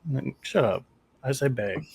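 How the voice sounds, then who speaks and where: A man's voice: medium pitch, lively intonation, measured pace, creaky, darkish tone, slightly rough. A man co-hosting a casual sports podcast, telling stories and teasing his friends in an easygoing way. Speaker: podcast co-host.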